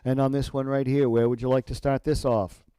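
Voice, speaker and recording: A man calls a live auction in a steady, rhythmic patter, repeating numbers as the bids climb. His voice is mellow and middle-pitched. The sound is close and dry, with little room around it. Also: clean tone, dry recording. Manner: rhythmic rapid bid calling with repeated numbers. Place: auction gallery.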